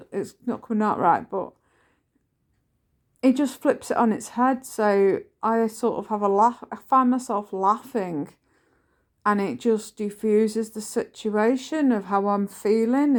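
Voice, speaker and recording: Slow, halting woman. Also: medium pitch, a little mellow. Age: 40s. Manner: halting, with many ums and restarts. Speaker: vlogger sharing her journal. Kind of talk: casual personal vlog talk.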